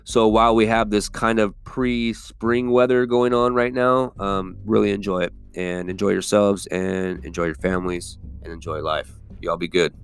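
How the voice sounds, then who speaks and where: A man's voice: lowish voice, steady tone, normal speed, vocal fry, hardly any pauses, smooth. A man hosting a solo podcast, talking casually in a rambling, profane, conversational way with lots of fillers. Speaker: podcast host. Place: California.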